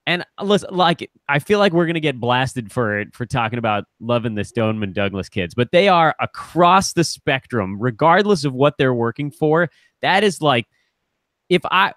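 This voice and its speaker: A man co-hosting a live podcast in casual chat, animated and quick to laugh. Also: mid-range voice, no echo, clean studio sound. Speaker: podcast co-host.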